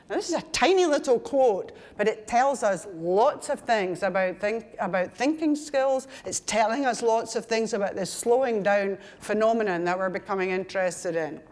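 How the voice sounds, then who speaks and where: A woman's voice: mid-range voice, expressive, normal speed, few pauses, darkish tone. An older Scottish woman giving a conference lecture, talking in a chatty, digressive way with asides and self-corrections. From Scotland. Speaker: conference speaker.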